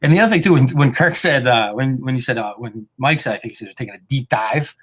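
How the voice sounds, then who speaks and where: A man co-hosting a podcast in casual chat, ribbing others with quick, profane banter. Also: mid-range voice, fairly bright tone, husky. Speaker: podcast co-host.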